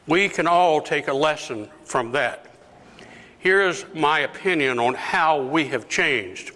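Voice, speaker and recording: An older deacon speaks slowly to a gathered parish group, his voice bright and forceful. He acts out quoted exchanges, pushing the quoted lines up toward shouts. The sound carries a long reverb from a parish hall. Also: a little high, expressive. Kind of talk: talk to a parish lunch group.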